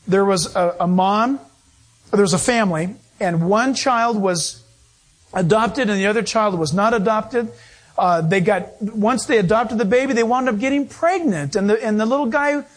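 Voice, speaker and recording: A man preaching a sermon, telling stories with animated delivery and acting out other people's voices. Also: high-pitched, moderate pace. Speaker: pastor.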